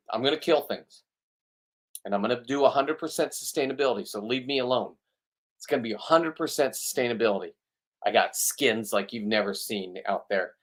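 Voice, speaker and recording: A middle-aged man rants to his viewers in a blunt, rambling vlog monologue. He sounds riled up and keeps restarting his sentences. His voice sits at an ordinary middle pitch. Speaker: vlogger. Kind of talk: ranting casual monologue to camera.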